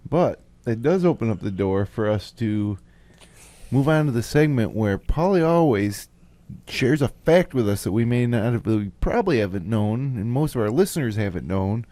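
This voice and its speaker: Lively man introducing a podcast segment. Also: mid-range voice, dry recording. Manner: upbeat, introduces segments, teasing. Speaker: podcast host. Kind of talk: casual live podcast banter.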